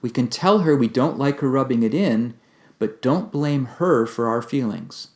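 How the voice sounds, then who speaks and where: A man giving a calm, measured instructional talk on communication, explaining ideas step by step. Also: mid-range voice. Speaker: communication teacher.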